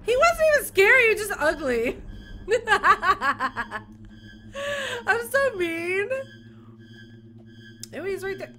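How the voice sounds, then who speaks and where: A woman's voice: very high-pitched, sing-song, unhurried, long pauses, sharp tone, slight background noise. A young woman reacting to a horror game, squealing, laughing and screaming in fright. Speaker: gaming youtuber.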